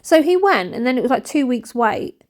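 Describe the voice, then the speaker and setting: A woman's voice: sits high, sing-song, moderate pace, a little mellow. A woman in her thirties, chatting frankly and rambling as she narrates her home cleaning. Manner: rambling, frank, self-mocking. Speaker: cleaning vlogger. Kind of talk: casual chatty voice-over while cleaning.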